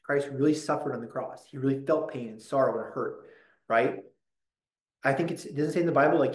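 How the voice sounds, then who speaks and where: A man giving a casual lecture on a religious text, reading passages aloud and breaking into joking asides. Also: mid-range voice. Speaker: Catholic lecturer. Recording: roomy echo.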